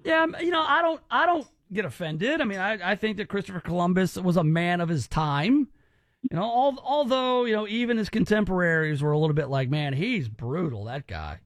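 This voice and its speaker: A man's voice: high-pitched, big pitch swings, a little fast, fairly bright tone, dry recording. A man hosting a call-in radio show, rambling and teasing with lots of restarts. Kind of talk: joking call-in radio banter.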